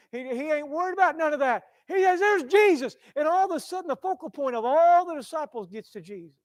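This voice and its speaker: Impassioned high-voiced male preacher. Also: no echo. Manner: impassioned, swings from loud to hushed, repeats phrases. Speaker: pastor. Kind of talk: sermon. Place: church.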